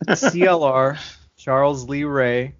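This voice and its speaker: A man co-hosting a casual film podcast over a video call, animated and swearing freely. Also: mid-range voice, a little slow. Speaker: podcast co-host. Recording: dull lo-fi video call audio.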